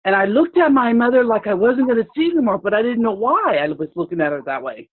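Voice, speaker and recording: A woman's voice: a little high, animated, breathy edge. A woman recounts a personal story with emotion. She halts and restarts often as she rambles along. Her voice arrives over a tinny, phone-like video call line. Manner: rambling, halting, with many restarts. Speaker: participant sharing a story.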